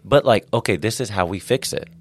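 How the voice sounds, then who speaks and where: A man's voice: lowish voice, a little fast, no echo. A man co-hosting a casual faith podcast, telling stories earnestly and with emphasis. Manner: earnest, animated storytelling with repeated emphasis. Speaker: podcast co-host, gym owner.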